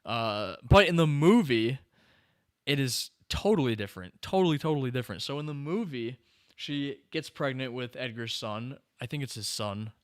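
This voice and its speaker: A man hosting a podcast, chatting casually in a rambling, animated way with many fillers and restarts. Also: medium pitch, clean tone. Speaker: podcast host.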